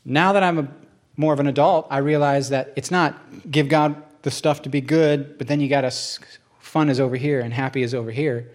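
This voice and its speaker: A man's voice: mid-range voice, steady tone, a little fast. A man teaching in church in an earnest, conversational sermon style, telling stories with animation.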